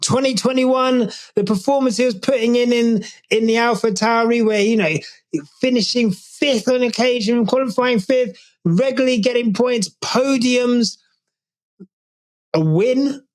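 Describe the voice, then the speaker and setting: A man hosting a podcast, giving casual, animated opinion commentary with jokey asides. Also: very high-pitched, a little slow. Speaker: podcast host.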